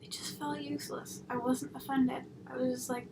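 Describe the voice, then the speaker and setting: A woman's voice: sits high, little pitch movement, normal speed. A young woman reviewing an episode in a casual, rambling way, full of tangents and sarcastic asides. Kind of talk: casual chat. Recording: audible background noise.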